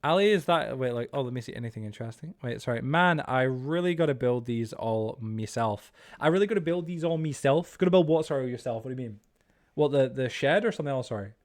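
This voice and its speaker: A man's voice: medium pitch, animated, fast. A man live-streaming a game, chatting casually with friends, rambling with lots of "like" and "bro" and teasing them. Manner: joking and teasing. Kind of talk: casual live-stream chat while playing.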